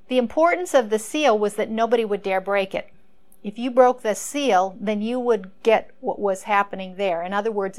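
Conversational woman teaching a Bible story. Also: mid-range voice. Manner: musing aloud, conversational, asks rhetorical questions.

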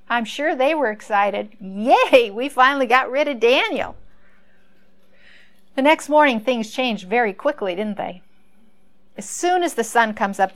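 A woman teaching a Bible story in a conversational way, musing aloud and asking rhetorical questions. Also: a little high.

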